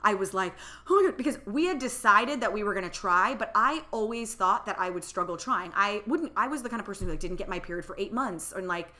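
A woman in her thirties tells a personal story as a podcast guest, her voice bright and forward. She chats casually and acts out the people she quotes. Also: mid-range voice, animated, fast, few pauses. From California.

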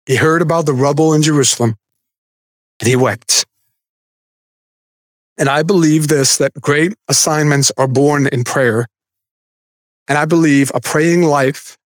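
A man's voice: on the high side, no echo, clean studio sound. A man in his thirties preaching a conversational sermon as a pastor, with chatty asides and light laughter.

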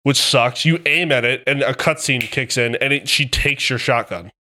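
A man co-hosting a podcast, deep into an excitable, profane retelling of a game. He speaks at a middling pitch and keeps the chat casual. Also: moderate pace, slight background noise. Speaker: podcast co-host.

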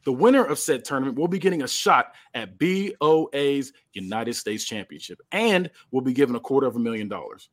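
A man's voice: mid-range voice, expressive, a little fast, few pauses. A male podcast host casually narrating a made-up wrestling storyline, with fillers.

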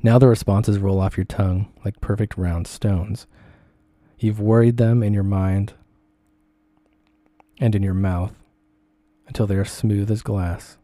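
A man reading a second-person essay aloud in a measured, deliberate way. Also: on the low side, steady tone, mellow, no echo.

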